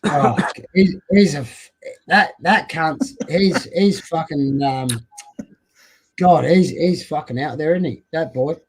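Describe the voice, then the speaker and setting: A man in casual chat among friends, loud and crude, teasing and swearing a lot. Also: fairly high pitch, slow, husky, rough recording.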